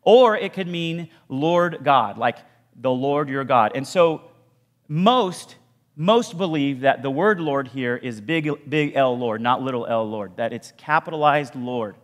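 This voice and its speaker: A man giving a sermon, telling a story in a conversational way with casual asides and dropping low for emphasis. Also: expressive, a little slow. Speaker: pastor. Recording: long hall reverb.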